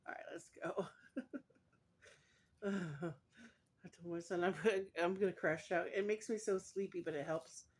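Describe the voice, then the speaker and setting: A middle-aged woman chatting casually in an eating vlog, giggling often and sounding relaxed and drowsy. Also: fairly low pitch. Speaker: food vlogger.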